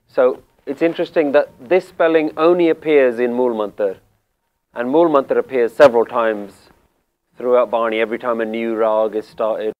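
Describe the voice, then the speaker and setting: A man teaching Sikh scripture, explaining word meanings calmly and deliberately, repeating key phrases. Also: mid-range voice, clean tone, narrow, tinny audio. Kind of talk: slow spiritual explanation.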